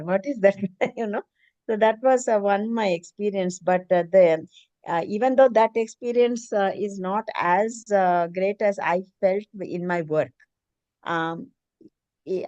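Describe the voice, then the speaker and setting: A woman's voice: mid-range voice, warm tone, no echo, lo-fi sound. A middle-aged woman, earnestly telling a personal story on a video call in a hesitant, emotional way. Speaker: meeting participant, preschool teacher.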